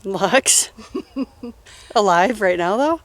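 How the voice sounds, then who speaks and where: A woman's voice: mid-range voice, very slow. Woman, thirties, loose filler-heavy storyteller, mid-range voice, easygoing Q&A. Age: 30s. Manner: relaxed, rambling, filler-heavy storytelling with laughs. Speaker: interviewee. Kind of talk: casual personal Q&A.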